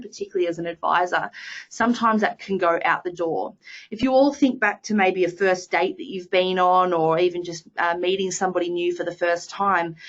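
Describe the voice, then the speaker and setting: An Australian woman giving a chatty, self-deprecating webinar talk on sales, filling her pauses with ums and uhs. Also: lowish voice, a bit bright, muffled recording. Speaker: sales training presenter. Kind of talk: webinar presentation.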